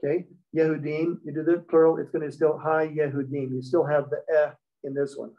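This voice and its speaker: Delivering a classroom lecture in Hebrew, this man explains things step by step and keeps checking that his students follow. His fairly high voice is flat and brisk, and the recording sounds dull and lo-fi.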